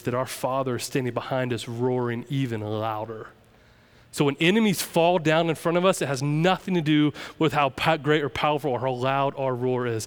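Young guy preaching, clear smooth voice, fired up. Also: fairly high pitch. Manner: emphatic, preaching with rising intensity. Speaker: pastor. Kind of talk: sermon.

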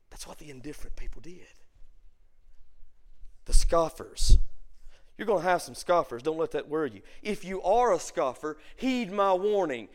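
High-pitched pastor guy preaching in church, goes quiet then loud, repeats stuff for punch. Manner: preaching with dramatic swings from hushed to loud; repeats words for emphasis. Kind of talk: sermon.

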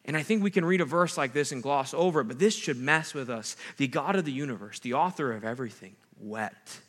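A man's voice: mid-range voice, expressive, a little fast, fairly bright tone. A young adult man, a pastor, giving a sermon in a conversational way, with jokey asides and acted-out quotes.

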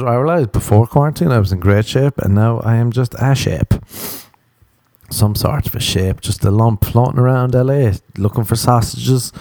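A man rants through a comedic podcast monologue, crude and sarcastic, swearing freely. His voice sits low and mellow. The sound is dry and close, with no room around it. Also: no echo. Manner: crude ranting, profane, sarcastic. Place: Los Angeles home recording.

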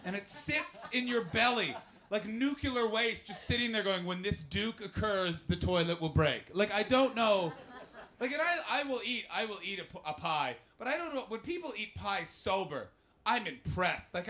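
A man's voice: high-pitched, expressive, normal speed, bright, forceful tone. A young man doing a stand-up comedy set, telling rambling, profane, self-mocking stories and throwing questions at the crowd. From Canada.

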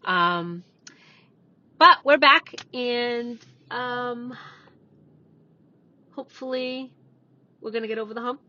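A woman's voice: on the high side, slow, long pauses. A woman co-hosting a podcast from inside a parked car, upbeat, agreeable and casual. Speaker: podcast co-host, salon owner. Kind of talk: casual chat. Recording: dull lo-fi sound.

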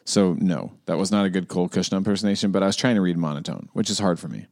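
Low-voiced playful male podcast host. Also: rapid-fire, darkish tone. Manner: chatty, playful, laughs easily. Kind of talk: casual chat.

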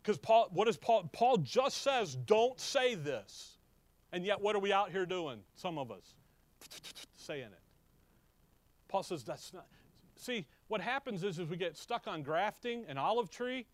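A man with a fairly high voice preaches a Bible sermon, asking question after question and answering it himself. He stretches key words out slowly and swings between loud, punchy bursts and low, quiet asides. The sound is close and dry. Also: expressive, no echo. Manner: asks the congregation questions and answers them himself; slows down heavily on key words.

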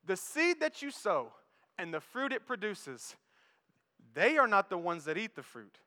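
A man preaching a sermon as pastor, swinging between quiet low passages and loud raised ones. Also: sing-song, a little slow. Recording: long hall reverb.

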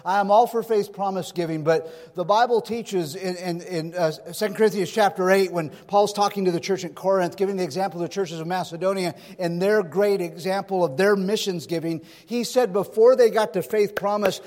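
High-voiced preaching man in a reverberant hall. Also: moderate pace, few pauses, a little mellow. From California. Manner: folksy preaching with stories and rhetorical questions. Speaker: pastor. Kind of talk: sermon.

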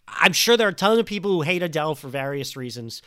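A man's voice: on the high side, animated, fast, pushed and bright, clear, resonant tone, no room sound, studio quality. A man co-hosting a podcast in casual chat, building an opinionated argument at length. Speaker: podcast co-host.

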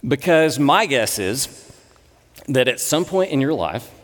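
A man in his thirties, a pastor, giving a sermon with conversational, animated storytelling. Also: medium pitch, takes it slowly. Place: church sanctuary. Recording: long reverb in a church hall.

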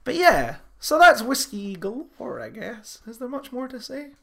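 A young man co-hosting a podcast, chatting casually, animated, swearing freely and laughing often. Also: very high voice, measured pace, gravelly. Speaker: podcast co-host. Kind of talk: casual chat.

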